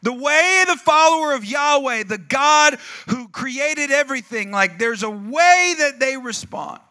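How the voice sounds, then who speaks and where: A man with a high, piercing, very bright voice preaches a sermon. He tells a comic story with big swings in pitch and volume, acts out the people in it, and calls out to the congregation. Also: measured pace. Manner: animated storytelling, acting out voices, shouting asides to the congregation.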